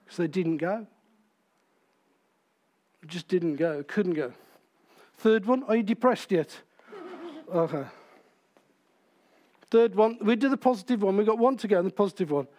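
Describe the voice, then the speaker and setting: A man's voice: high-pitched, a little mellow. A man preaching a sermon in church, in a conversational way, asking the congregation questions.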